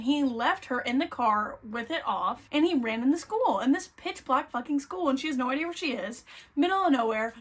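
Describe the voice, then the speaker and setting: A young woman casually recapping a thriller novel, excitable and full of swearing and filler words. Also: high-pitched. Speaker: book reviewer.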